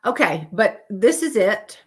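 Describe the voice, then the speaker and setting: A woman's voice: medium pitch, very animated, a little slow. A woman hosting a live stream, chatting casually and rambling as she looks through pictures. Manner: chatty, rambling, with fillers and self-corrections.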